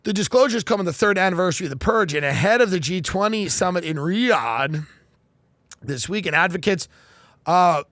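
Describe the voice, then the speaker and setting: A man's voice: high-pitched, expressive, moderate pace, fairly bright tone, no room sound. A man hosting a podcast, reading news aloud and riffing on it with sarcastic, mock-earnest comedy. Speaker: podcast host.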